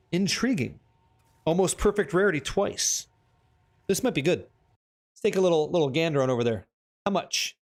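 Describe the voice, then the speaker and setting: A man streams a game and chats casually with his viewers, joking and swearing freely while reading the chat. His voice is a little high with a darkish tone.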